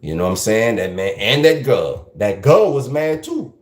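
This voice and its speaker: A man's voice: medium pitch, big pitch swings, moderate pace, echoey room. Louisiana Creole man, loose podcast rant. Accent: South Louisiana Creole. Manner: loose, rambling, peppered with Creole French phrases. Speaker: podcast host. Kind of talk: casual commentary monologue.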